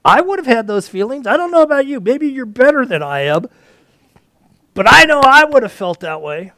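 A man preaching a sermon, dropping to whispers and rising to near shouts as he acts out the story. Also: extremely high pitch, big pitch swings, normal speed, dry recording. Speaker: pastor.

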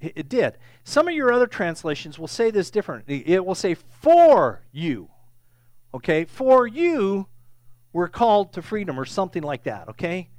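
A man's voice: high-pitched, sing-song, quick pace, few pauses, dry recording. A man preaching a sermon, teaching in a conversational way with frequent "okay?" check-ins, and growing emphatic and raised when he stresses a point. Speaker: pastor.

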